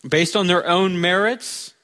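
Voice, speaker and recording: A man's voice: sits high, fairly even intonation, measured pace, bright, forceful tone. A male pastor preaching a sermon in a conversational way, with touches of humor.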